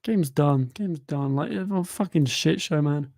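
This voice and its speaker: A man's voice: fairly high pitch, a little slow, gravelly, hardly any pauses, darkish tone. A young man hosting a live football watchalong, sarcastic and exasperated, doing mock commentary. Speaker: fan channel host.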